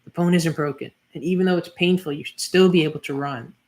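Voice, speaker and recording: A reader putting on a determined mother shielding her children, her voice firm and commanding. She talks with urgency and steady resolve, as in a manga read-through. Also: mid-range voice, fast talker, close to an everyday voice. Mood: urgent.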